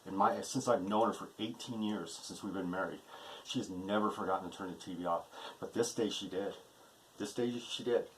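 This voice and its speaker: Agitated man, low voice, keeps asking "okay?". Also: a little hiss or hum, low-quality recording. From United States. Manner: agitated, repetitive, keeps adding "okay?" and profanity. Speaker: vlogger. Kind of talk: rambling monologue to camera.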